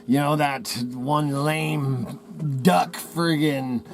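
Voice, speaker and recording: A man's voice: on the high side, a little hiss or hum. A man hosting his channel from a trading post, ranting in an agitated, rambling way with folksy slang about a cover-up. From Idaho. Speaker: channel host. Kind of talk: heated rant to camera.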